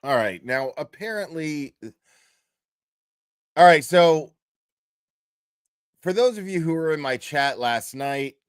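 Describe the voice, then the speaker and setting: A man's voice: a little high, animated, takes it slowly, long pauses, smooth, dry recording. A man hosting a livestream and telling a story in a loose, rambling, profane way, with restarts and bursts of laughter. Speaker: livestream host. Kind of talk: casual livestream commentary.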